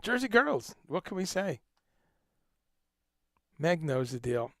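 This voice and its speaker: A man hosts a casual livestream chat, animated and joking, with a casual swear here and there. His voice is gravelly and sits slightly high. The sound is dry and close. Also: slow pace, no echo. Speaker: livestream host.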